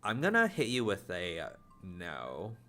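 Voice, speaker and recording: A man with a deep, low voice chatting casually with viewers during a live stream. He talks quickly in rambling, run-on thoughts, tripping over words with a slight stutter and the odd mumble. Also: wildly swooping pitch, pushed and bright, soft background music. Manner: fast talking, rambling.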